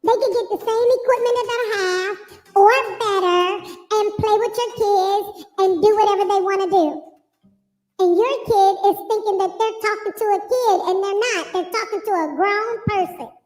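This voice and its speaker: A very high little child's voice through a voice changer. It comes out slow and sing-song. There is a roomy echo and faint music under it. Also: female voice, fairly even intonation, darkish tone. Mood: demonstrating. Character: small child, a woman faking a kid's voice.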